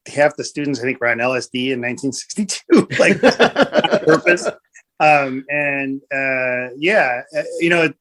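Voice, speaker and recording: A middle-aged man, a comedy writer guest, chatting on a podcast in a relaxed, wry way. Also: mid-range voice. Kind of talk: casual podcast chat.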